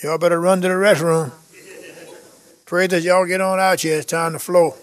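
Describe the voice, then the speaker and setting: Fervent preacher man, slightly high voice. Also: level tone, normal speed. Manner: fervent, exhorting, repetitive; bursts of tongues and chuckles. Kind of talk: charismatic sermon.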